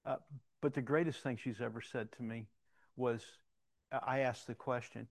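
A middle-aged man preaching a sermon, telling personal stories and moving between loud emphatic questions and quiet reflective moments. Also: medium pitch, fairly even intonation, moderate pace, vocal fry. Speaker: pastor.

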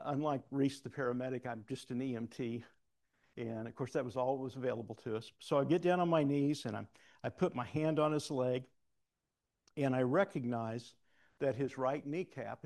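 A man's voice: mid-range voice, creaky, a little mellow. A man preaching a sermon in a conversational, self-deprecating way, weaving in a personal story.

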